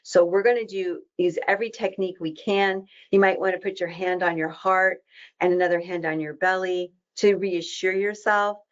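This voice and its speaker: A woman giving a webinar in a warm, reassuring and conversational way, with casual asides. Her voice sits a little low. The audio is dull and muffled. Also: steady tone. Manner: conversational with fillers and quick asides. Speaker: diabetes educator leading a webinar. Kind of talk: webinar presentation.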